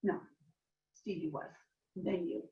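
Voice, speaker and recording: A woman reading as an older small-town woman who calmly confesses a long-hidden killing, in a matter-of-fact way. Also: on the low side, takes it slowly, gravelly. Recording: distant roomy dull live recording.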